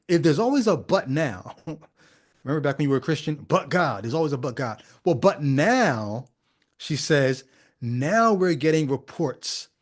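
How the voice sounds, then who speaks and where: A man hosting a podcast, giving critical commentary on a video clip in a skeptical, conversational way full of rhetorical questions. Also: a little high. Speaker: podcast host.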